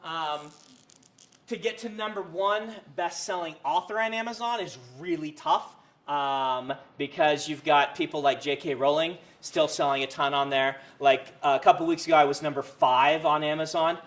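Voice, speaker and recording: A man's voice: a little high, moderate pace, a bit bright. A man giving a casual university writing lecture, rambling with lots of fillers and restarts. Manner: rambling, many fillers and self-corrections.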